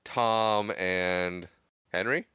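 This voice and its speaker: A man's voice: sits low, fairly even intonation, extremely slow, sharp tone, clear, resonant tone, no echo. A man co-hosting a podcast, casually retelling a movie scene by scene and acting out the characters' lines. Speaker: podcast co-host. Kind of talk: casual movie recap chat.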